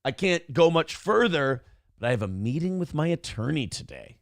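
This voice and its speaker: A man rants through his morning show with brash, profane bravado. His voice sits a little high and carries a gravelly rasp. The sound is close and dry. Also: very animated, moderate pace, dry recording. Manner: brash, profane, boastful storytelling. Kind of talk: casual talk show rant.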